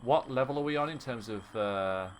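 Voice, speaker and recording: Medium in pitch and moderate in pace, a man's voice comes through with a little hiss or hum as he streams a game. He chats casually, jokes and laughs often with his viewers over faint game music.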